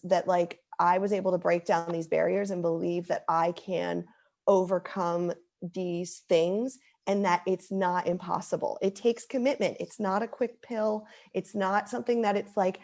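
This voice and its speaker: A woman's voice: on the low side, a little mellow. A woman in her thirties speaking as an interview guest, earnest and heartfelt, with many likes and ums. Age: 30s. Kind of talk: casual interview chat.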